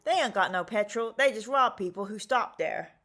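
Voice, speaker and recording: A stern, wary male survivor of the apocalypse, put on by a woman reading aloud, barking out short, clipped warnings. He sounds gruff and guarded, a hard man who trusts no one on the road. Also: mid-range voice, a little fast, a bit bright, natural voice.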